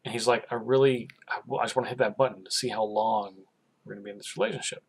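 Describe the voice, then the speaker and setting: Speaking quickly in a mid-range voice with vocal fry and a breathy edge, a man co-hosting a podcast retells an episode in casual conversation. He narrates with animation and acts out the characters' dialogue.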